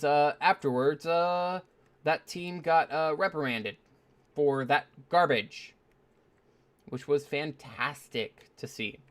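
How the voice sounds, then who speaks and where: Male gaming host, mid-pitched, chatty and rambling, casual storytelling with lots of "uh"s. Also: fairly bright tone. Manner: rambling, full of fillers and self-mocking asides. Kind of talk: casual storytelling while playing.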